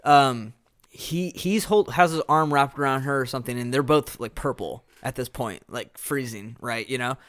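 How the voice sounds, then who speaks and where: A man's voice: medium pitch, normal speed. Rambling young man chatting about a movie. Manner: rambling, animated retelling with laughs. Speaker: podcast co-host. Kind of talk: casual movie-review chat.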